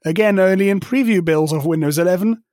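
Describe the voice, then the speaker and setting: A man's voice: high voice, quick pace, darkish tone, dry recording. Sweary ranting man, dry close sound. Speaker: podcast co-host. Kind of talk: casual tech podcast chat.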